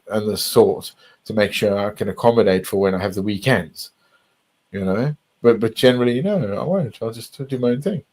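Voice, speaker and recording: Low-pitched man, loose rambling chat, frequent restarts and swearing. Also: darkish tone, poor audio. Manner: rambling, repeats words, swears often. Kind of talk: casual chat.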